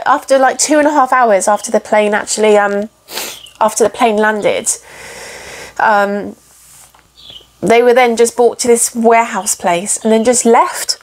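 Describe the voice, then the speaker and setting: A chatty young woman vlogs from inside her RV, her voice sitting a little high for a woman. She rambles and gets emotional, with plenty of ums and restarts. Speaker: cross-stitch vlogger. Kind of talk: casual chat to camera.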